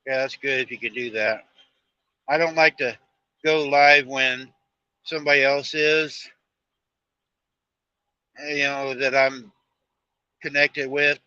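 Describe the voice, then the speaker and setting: A man's voice: mid-range voice, steady tone, slow, long pauses, bright, forceful tone, clear, resonant tone, no echo, dull audio. A man, chatting casually on a live stream from his truck cab as he drives, telling stories in a rambling, folksy way. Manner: rambling storyteller, folksy talk. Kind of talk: casual live-stream chat while driving.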